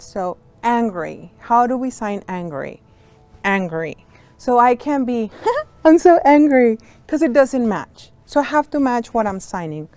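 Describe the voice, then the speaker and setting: Slow, patient woman teaching sign language. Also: mid-range voice, darkish tone. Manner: patient, explains step by step to young students.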